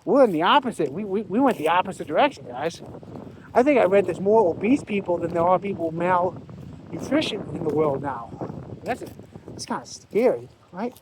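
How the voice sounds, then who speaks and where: A man's voice: sits high, lively intonation, normal speed. A man vlogging while walking his dog in a windy park, talking bluntly with swearing and many restarts. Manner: blunt, profane, rambling with restarts. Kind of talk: casual rambling vlog talk. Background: wind and faint outdoor noise.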